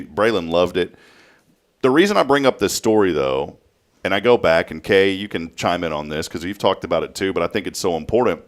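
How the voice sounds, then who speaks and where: A man, hosting a casual studio talk show and telling a story with lively flair. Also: fairly low pitch. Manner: animated storytelling, acts out a child's voice. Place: local TV studio.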